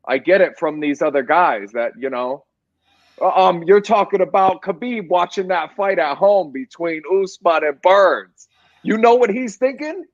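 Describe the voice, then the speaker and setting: Dude riffing on a fight podcast, gets heated, kinda muffled dry audio. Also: male voice, sits high, animated, measured pace, no room sound. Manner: fired-up, rambling storyteller. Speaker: podcast co-host. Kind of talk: casual sports chat.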